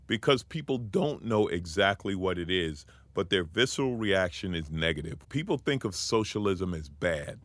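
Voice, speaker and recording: A man's voice: deep voice, animated, normal speed, few pauses, fairly bright tone, no room sound. A man co-hosting a talk show and giving his opinions assertively. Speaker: co-host.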